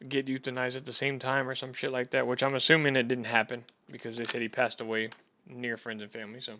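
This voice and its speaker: A man's voice: mid-range voice, monotone, fast, sharp tone, a little hiss or hum. A young Texan man hosting a sports podcast, chatting loosely with a rambling, profane manner. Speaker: podcast host. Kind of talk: casual chat.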